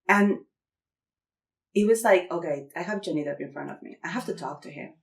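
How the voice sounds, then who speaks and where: Woman, Mexican Spanish accent, native Spanish speaker, comedic storytelling, animated, acts out voices, echoey room. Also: medium pitch, brisk. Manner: animated, acts out quotes with squeals and laughter. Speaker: podcast guest. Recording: roomy echo.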